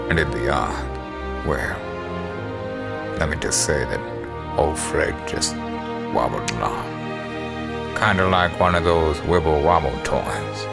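A man doing an impression of a famous film narrator, voicing an older male inmate who tells his story with an unhurried drawl over a film score. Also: low voice, creaky. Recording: film score playing loudly underneath.

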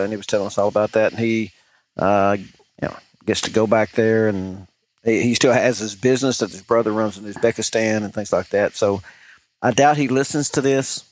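A man's voice: fairly low pitch, a little hiss or hum. Man, podcast co-host, chatty and rambling storyteller. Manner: chatty, many restarts and fillers. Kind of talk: casual chat, rambling storytelling.

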